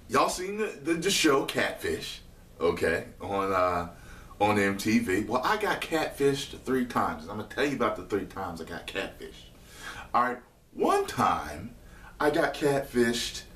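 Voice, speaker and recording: A man's voice: low voice, a bit bright, slight background noise. A man vlogging, telling a loose, slangy story with swearing and laughs. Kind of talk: casual storytelling. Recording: echoey room, mic far off.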